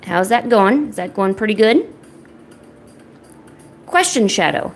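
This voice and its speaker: Chatty young woman, gravelly edge. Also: medium pitch, big pitch swings, unhurried, pauses often, slight background noise. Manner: rambling, chatty, talks to chat and a pet. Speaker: art streamer. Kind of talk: casual livestream chat while painting.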